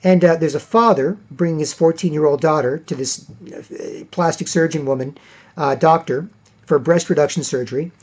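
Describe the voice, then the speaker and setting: A man's voice: fairly high pitch, moderate pace, darkish tone, muffled recording. A man giving an emphatic, repetitive monologue, acting out quotes as he talks. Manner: emphatic, repeats himself, acts out quotes. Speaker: commentator. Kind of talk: casual monologue.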